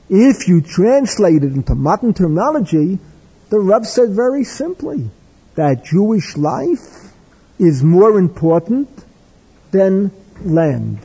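An older man giving a discursive religious lecture with stories, in a husky voice. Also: high-pitched, dark tone. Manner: discursive, wry, with Hebrew and Yiddish terms. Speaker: religious teacher. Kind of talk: lecture with storytelling. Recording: echoey hall with long reverb.

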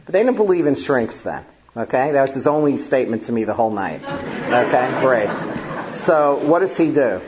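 Male therapist, mid-pitched, conversational storyteller with fillers; slightly dull recording. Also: lively intonation, normal speed, darkish tone, a little hiss or hum. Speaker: family therapist. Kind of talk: storytelling talk to an audience.

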